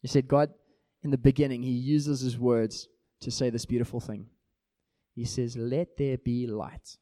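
A man preaching a sermon in an animated way, acting out small everyday scenes to make his points. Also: mid-range voice, normal speed, no echo, clean studio sound.

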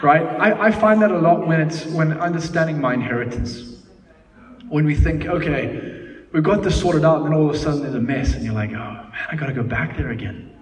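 A man in his thirties preaching a sermon, lively and laughing as he tells family stories. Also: on the high side, a little fast. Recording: echoey hall, mic at a distance.

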